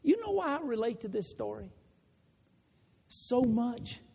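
A man preaches, his voice sitting unusually high and swinging through a wide, lively range. He builds to shouts in an animated sermon. The sound rings with the long reverb of a large church. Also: unhurried, breathy edge. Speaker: pastor. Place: church sanctuary.

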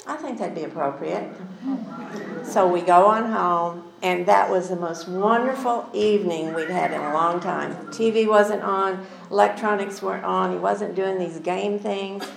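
An older woman teaching a women's Bible study, telling a family story in an earnest, chatty way with soft asides. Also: medium pitch, unhurried, gravelly, reverberant, low-quality recording.

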